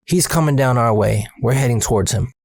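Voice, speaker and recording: A man's voice: medium pitch, a little fast, creaky, darkish tone, dry recording, clean studio sound. A man telling a spooky personal story in a casual, slangy way, swearing and speaking directly to the listener.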